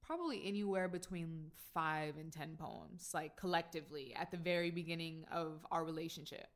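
A woman's voice: sits low, normal speed. A woman in a casual conversation, speaking as a supportive, affirming listener.

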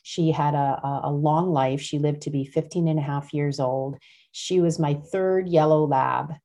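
A woman's voice: deep voice, fairly even intonation, normal speed, warm tone. A woman hosting her own podcast, talking casually in a rambling way with many fillers and restarts. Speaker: podcast host. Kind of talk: casual personal chat.

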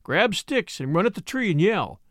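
A man voicing a gruff, bold Western ranger who barks orders with raised, emphatic delivery in an audiobook reading. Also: high-pitched, sing-song, normal speed, dry recording, clean studio sound. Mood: commanding.

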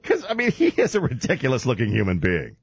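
A man hosting a comedic radio talk show, riffing and mocking with a husky voice. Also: mid-range voice, wildly swooping pitch, fast, no echo. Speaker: radio host.

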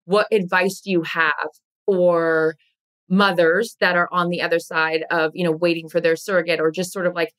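Female podcast co-host, slightly low voice, loose chatty questions with lots of fillers. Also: flat delivery, moderate pace. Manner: rambling, filler-heavy, warm questioning. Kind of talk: casual chat.

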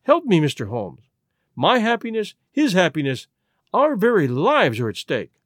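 A man's voice: high voice, wildly swooping pitch, normal speed, no room sound, clean studio sound, exaggerated voice. A man reading an audiobook, voicing a distraught, proud young aristocratic wife in an imploring, emotional way. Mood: pleading.

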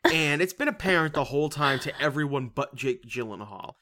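A man with a voice on the high side speaks fairly quickly. He co-hosts a casual podcast, animatedly recapping a movie plot and often breaking into laughter.

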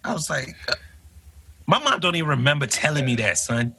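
A man's voice: fairly high pitch, a little fast, gravelly, breathy edge. A man co-hosting a casual chat, telling stories with a laugh and acting out what others said. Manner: animated, laughing storyteller who acts out quoted voices. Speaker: podcast co-host.

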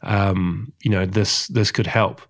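A man hosting a podcast interview, asking questions gently and hesitantly with many pauses. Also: fairly low pitch, flat delivery. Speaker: podcast host.

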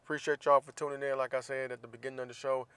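A man's voice: mid-range voice, flat delivery, very fast, sharp tone, clean tone, dry recording. A man hosting a casual solo podcast, venting bluntly and profanely about college football. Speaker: podcast host.

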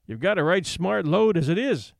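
Male reader doing blunt, drawling backwoods men, slightly lower and slower. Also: sing-song, gravelly, no room sound, studio quality, exaggerated voice. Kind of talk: audiobook character voice.

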